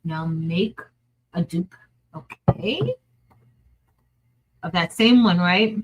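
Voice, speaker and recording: Very slowly and with lively intonation, a woman whose voice sits on the low side talks through her crafting livestream. She chats casually, mutters to herself and laughs often, captured on a low-quality recording with a little hiss or hum.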